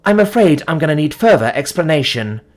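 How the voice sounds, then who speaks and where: A man's voice: on the high side, big pitch swings, fairly quick, pitched above the performer's own voice. A man voicing an ancient female android caretaker who speaks in a formal, precise way. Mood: alarmed. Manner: formal, clipped.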